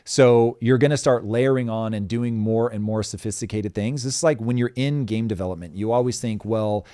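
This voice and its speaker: A man's voice: mid-range voice, brisk, dark tone, no room sound, studio quality. A man hosting a live stream, reading headlines and chatting with energy, swearing and restarting his sentences. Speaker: host. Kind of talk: live-stream news chat.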